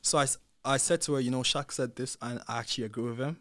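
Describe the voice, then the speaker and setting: A young British man tells his story at a quick clip, jumping into the voices of everyone involved. His voice sits at an average pitch and is recorded dry and close, with no room sound around it. He gets louder and sharper when the story turns heated. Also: no echo. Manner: animated retelling, acts out quoted dialogue, rising loud when heated. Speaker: podcast guest, former reality show contestant. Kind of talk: casual storytelling chat.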